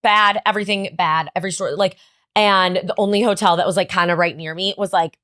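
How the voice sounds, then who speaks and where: A woman's voice: on the low side, a little fast, dry recording, studio quality. Chatty young woman telling a wild story. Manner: animated storyteller, heavy "like" filler, frequent swearing. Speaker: podcast co-host. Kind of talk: casual chat.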